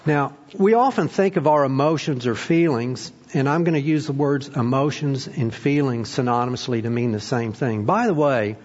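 Pastor preaching in a reverberant hall. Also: male voice, medium pitch, moderate pace, few pauses, muffled recording. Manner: prayerful then animated storytelling, frequent fillers. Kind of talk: sermon.

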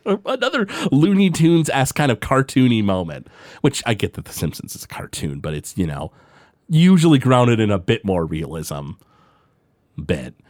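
A man's voice: medium pitch, huge pitch swings, normal speed, a little mellow, no echo, clean studio sound. A man co-hosting a podcast, casually recapping a cartoon episode and slipping into playful voices as he retells scenes. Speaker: podcast co-host.

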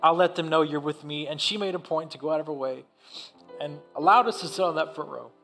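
A man giving a heartfelt personal testimony in a church service, with halting restarts. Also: on the high side, creaky, a bit bright, soft background music. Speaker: church speaker.

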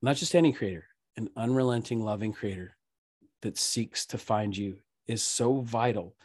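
A man in his thirties, a podcast guest, telling a candid, emotional personal story in an earnest way and growing soft when he speaks of faith. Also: lowish voice, normal speed, husky, no room sound, clean studio sound.

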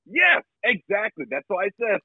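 Husky high-voiced man riffing profanely. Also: big pitch swings, moderate pace, no room sound, muffled recording. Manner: profane, joking, riffs in silly voices. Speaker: podcast co-host. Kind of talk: casual movie-review chat.

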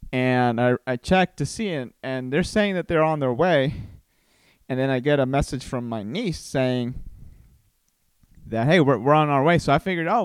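A man from Costa Rica hosts a casual solo podcast at an ordinary mid pitch. He rambles through stories, restarting and repeating himself as he talks. The sound is dry and close, with no room echo. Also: smooth. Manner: chatty, rambling storyteller with many restarts. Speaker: podcast host.

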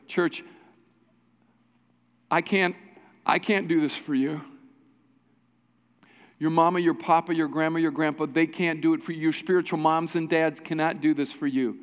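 A man's voice: a little high, normal speed, pauses often. A male pastor preaching a sermon with urgent, exhorting repetition. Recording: long hall reverb.

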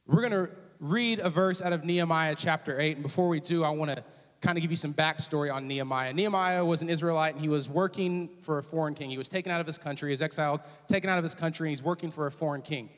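A young man preaching a sermon, casual and joking, slipping into quick voiced asides. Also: fairly high pitch, big-room sound. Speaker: student ministries director preaching. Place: church auditorium.

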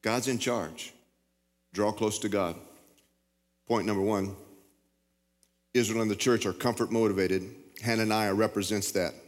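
A man's voice: lowish voice, fairly even intonation, a little slow, long pauses. A middle-aged man preaching a sermon in a folksy way, often repeating and stumbling over his words, in a large church hall. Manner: folksy, repetitive, stammering. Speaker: pastor. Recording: long hall reverb.

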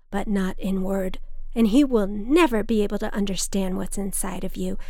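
A woman's voice: mid-range voice, darkish tone, no echo, studio quality, lightly acted. A woman voicing her drunk, dramatic, manipulative mother, speaking in a theatrical, intense, slightly slurred way.

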